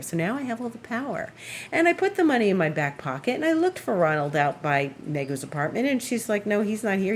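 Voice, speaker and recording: A woman's voice: fairly low pitch, slight background noise. Chatty woman telling a story. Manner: chatty, amused, acts out others' lines in raised voice. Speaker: astrologer and Reiki practitioner, show host. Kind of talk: casual storytelling monologue.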